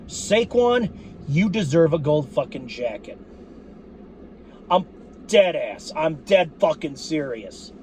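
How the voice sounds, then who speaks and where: Fired-up, cursing man with a hoarse voice. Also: a little high, very animated, slow pace, long pauses, a little hiss or hum. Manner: fired-up, cursing, shouting outbursts. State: voice going hoarse. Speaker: sports fan vlogger. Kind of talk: profane fan rant.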